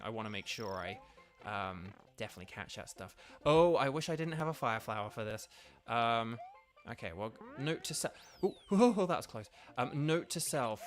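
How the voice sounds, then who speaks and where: English guy chatting over a game stream, bright voice, polite and rambly, faint music behind. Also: mid-range voice. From England. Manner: rambling, polite, self-deprecating, many fillers. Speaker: streamer and voice actor. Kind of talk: casual gaming stream chat.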